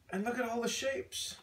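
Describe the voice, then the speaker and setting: A man's voice: very high voice, fairly even intonation, a little slow, a bit bright, distant mic, a little hiss or hum. An older man, a grandfather, reading a picture book aloud to a baby in a sing-song way, with playful animal noises.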